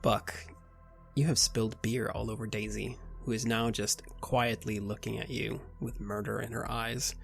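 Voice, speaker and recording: A man's voice: on the low side, little pitch movement, moderate pace, gravelly, hardly any pauses, soft background music. A man narrating as game master of a tabletop horror game, in a taunting, unsettling manner.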